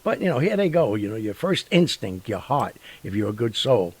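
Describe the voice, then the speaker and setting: A man hosting a show, telling stories in a rambling, animated way with lots of fillers and sound effects. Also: on the low side, fairly quick, hardly any pauses, slightly rough, no room sound, low-quality recording. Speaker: radio show host. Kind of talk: casual storytelling monologue.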